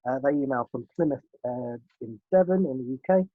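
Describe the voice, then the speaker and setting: A man's voice: mid-range voice, fast talker, no echo, narrow, tinny audio. A man co-hosting a casual car podcast, reading out listener emails with frequent hesitant fillers. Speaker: podcast co-host.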